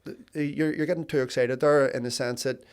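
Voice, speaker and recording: Smooth-voiced man. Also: mid-range voice, fairly even intonation, quick pace. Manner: reflective, frequent backchannel agreement. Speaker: podcast guest, business owner. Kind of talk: casual chat.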